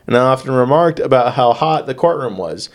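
A male podcast host tells a true-crime story in a loose, profane, joking style. His voice sits at an ordinary mid pitch, and he talks in a relaxed, conversational way. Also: moderate pace. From United States. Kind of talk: casual storytelling chat.

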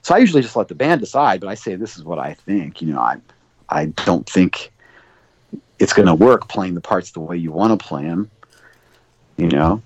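A fairly low-voiced man chatting as an interview guest. He rambles through studio stories with plenty of "um" and "you know," acting out what people said. The recording is dull and lo-fi with a dry, close sound. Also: big pitch swings, normal speed, long pauses, no echo. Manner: rambling, many fillers, acts out quoted dialogue. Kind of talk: casual interview storytelling.

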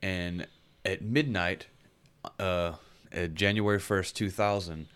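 A man with a very deep voice talks through a game in casual podcast chat. He rambles, restarts his sentences and hunts for the right words as he goes. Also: steady tone, slow pace, a bit bright, clear, resonant tone. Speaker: podcast co-host reviewing a game.

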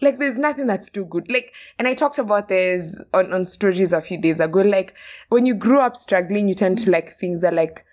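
A young woman hosting a casual podcast chat, expressive and mixing in Swahili words. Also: medium pitch, normal speed. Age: young adult. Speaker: podcast host.

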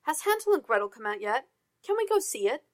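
A woman voicing a flighty, boy-crazy young office woman in a high, squealing voice. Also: big pitch swings, fairly quick.

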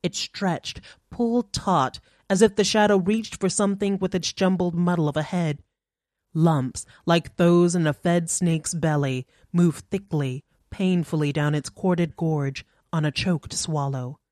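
A woman narrating a short story in an audiobook reading, measured and even. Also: lowish voice, no echo, clean studio sound.

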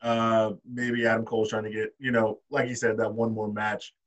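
A man co-hosting a casual podcast, calmly reasoning through his view in a measured way. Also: lowish voice, dull audio. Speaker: podcast co-host. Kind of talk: casual chat.

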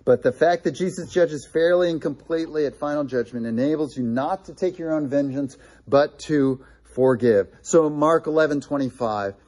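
Warm husky-voiced male preacher. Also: on the high side, normal speed. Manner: earnest preaching, repeats key phrases for emphasis. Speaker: pastor. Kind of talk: sermon.

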